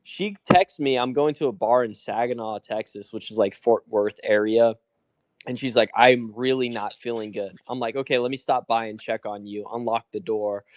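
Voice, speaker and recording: A man's voice: mid-range voice, normal speed, no room sound. A young man casually telling a long story on a live call, rambling with lots of "like" and acting out what people said. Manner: rambling, full of "like" and acted-out quotes.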